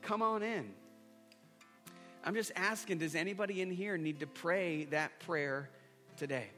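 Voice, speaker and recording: A man's voice: fairly high pitch, fairly even intonation, moderate pace. A man preaching a sermon to a congregation, earnest and repeating a refrain as he leads an altar call and a line-by-line prayer. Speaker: pastor. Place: church hall before a congregation. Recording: long hall reverb with soft guitar.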